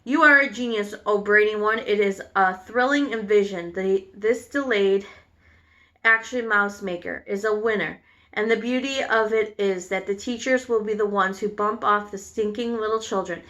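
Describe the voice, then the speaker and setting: A woman reading aloud and voicing an excited, bloodthirsty crowd of female witches, shouting exclamations. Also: medium pitch, moderate pace, close to an everyday voice. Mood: gleeful.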